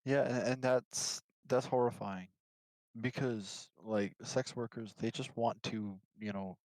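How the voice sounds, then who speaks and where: A man chatting casually on a stream, eager and quick to laugh. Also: mid-range voice, fairly even intonation, darkish tone, no room sound, poor audio. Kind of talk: casual chat.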